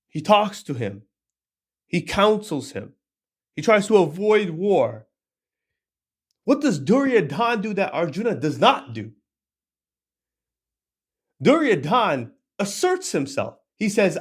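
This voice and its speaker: A man's voice: high-pitched, takes it slowly, pauses often, husky. A man in his twenties reading a scripture chapter aloud and commenting on it in an emphatic, casual, slangy way. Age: 20s. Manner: animated, emphatic, slangy asides.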